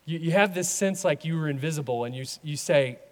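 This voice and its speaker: High-voiced male pastor preaching. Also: a little fast, in a large hall. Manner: animated, acts out voices in his retellings. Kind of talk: sermon.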